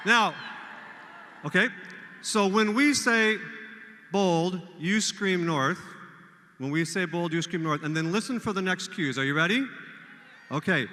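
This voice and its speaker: A man's voice: high-pitched, moderate pace, slight background noise. An older man, hosting a volunteer event and leading a crowd in cheers. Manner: energetic, leads call-and-response cheers. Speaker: event emcee. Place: large hall with a crowd. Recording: echoey hall.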